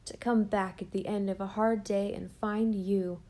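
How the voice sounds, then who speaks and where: A woman's voice: medium pitch, steady tone, measured pace, dark tone, close to an everyday voice. Woman reading as a tender loving husband. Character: loving husband, a grown man.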